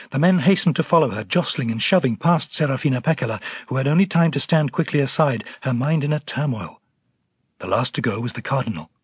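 Husky-voiced male audiobook narrator. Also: medium pitch, no room sound.

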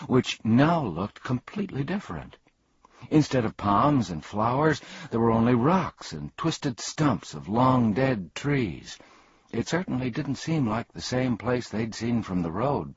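Husky-voiced man reading a storybook. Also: fairly low pitch, no room sound. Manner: expressive, animated reading. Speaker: narrator. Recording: dull, dry lo-fi recording.

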